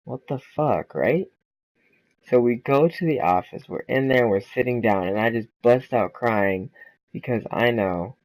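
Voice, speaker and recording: A low-quality, echo-free recording catches a medium-pitched male voice with a darkish tone. He's a young gaming-channel host telling a casual storytime, full of swearing and repeated "right?" and "like." His manner is fast, loose and informal.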